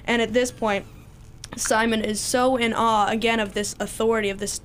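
Young woman retelling a bible story, lots of ums and likes, high-ish voice, faint hiss behind. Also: steady tone, moderate pace, a bit bright. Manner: chatty, many fillers and restarts. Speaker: Bible study participant sharing a passage.

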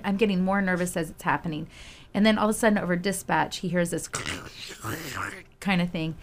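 Animated woman telling a story, low voice. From Houston, Texas. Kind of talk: storytelling in casual chat.

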